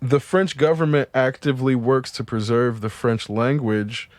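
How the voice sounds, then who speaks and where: A man of middling pitch holding forth in a casual podcast conversation, building long arguments and cursing offhandedly. His voice sits dry and close to the mic, with no room around it. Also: steady tone, normal speed, no room sound. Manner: opinionated, argumentative, swears casually. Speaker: podcast co-host. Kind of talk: casual chat.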